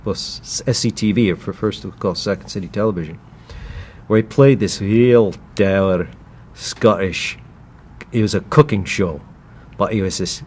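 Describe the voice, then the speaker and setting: There is a little hiss or hum behind this lowish, slightly mellow male voice moving at a moderate pace. He's an American voice actor in a casual interview, rambling with many restarts and breaking into character voices from time to time.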